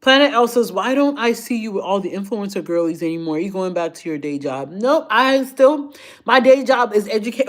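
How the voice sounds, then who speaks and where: A middle-aged woman hosting a chatty live Q&A, reading out viewer comments with lots of laughter and animated swings between high squeals and low asides. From daughter of immigrant parents, living in the Baltimore area. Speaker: lifestyle and fashion creator.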